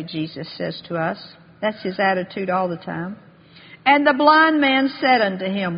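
A woman preaching a sermon with fervor, reading scripture aloud and slowing down to stress key words. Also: medium pitch, expressive. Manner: fervent, slows and rises for emphasis, reads scripture aloud. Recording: dull long-reverb hall.

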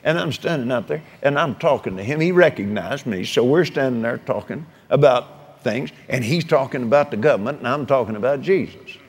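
A man's voice: mid-range voice, animated, fairly quick, slightly rough. A man preaching a sermon, telling folksy stories and urging his listeners with fervor. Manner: folksy storytelling preacher, fervent.

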